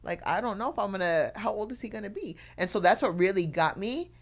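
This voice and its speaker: A woman's voice: medium pitch, animated, fairly quick. A middle-aged woman chatting on a live talk show, telling heartfelt, rambling stories full of fillers. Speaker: talk show co-host or guest.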